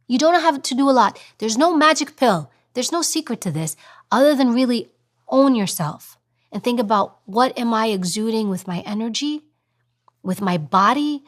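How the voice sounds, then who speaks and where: A woman guest in an interview, a former agent now on TV news, talking emphatically and acting out voices as examples. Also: on the high side. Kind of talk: interview advice talk.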